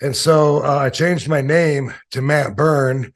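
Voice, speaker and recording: Man, fifties, slightly high voice, rambling storyteller, lots of ums, acts out quoted voices. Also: fairly even intonation, slow pace. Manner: rambling anecdotes with many fillers. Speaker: interview guest, former wrestler. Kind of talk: casual storytelling interview.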